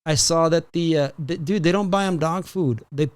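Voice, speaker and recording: A man hosting a podcast, telling a story in a casual, profane, animated way and slipping in Spanish phrases. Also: on the high side, moderate pace, clean tone. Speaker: podcast host.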